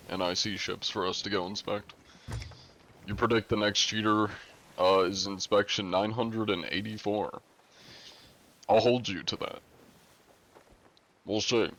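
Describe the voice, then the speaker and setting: A man's voice: on the low side, little pitch movement, normal speed, pauses often, a bit bright. A man streaming a game live from a room at home, chatting playfully and jokingly greeting his viewers by name. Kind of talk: casual live-stream chat.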